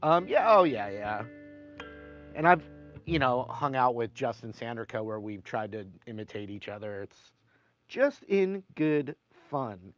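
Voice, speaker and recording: Male guitar teacher, chatty live-stream host, mid-pitched voice, slightly dull recording with guitar underneath. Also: sing-song, a little slow, fairly bright tone, no echo. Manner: chatty, reads viewer comments aloud between playing.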